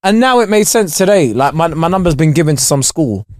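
Young man, high lively voice. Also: a little fast, no room sound, studio quality. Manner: laughs a lot, loose slangy storytelling. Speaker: podcast co-host. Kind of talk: casual chat.

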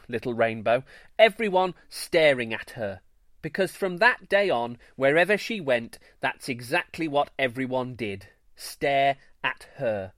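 A man hosting a children's story show, giving scripted narration in a playful, expressive way. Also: on the high side, no room sound, clean studio sound. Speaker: storyteller host.

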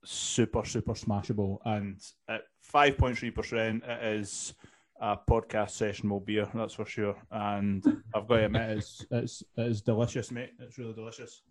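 A man's voice: lowish voice, flat delivery, moderate pace. A man co-hosting a casual podcast, describing a beer enthusiastically with many fillers and restarts. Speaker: podcast co-host. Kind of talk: casual chat, tasting notes.

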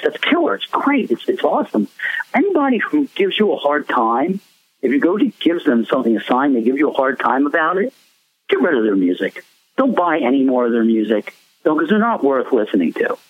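A man with a mid-range voice, a musician guest in a casual interview, tells rambling stories and laughs often. The audio is a tinny, dry phone line with no room sound.

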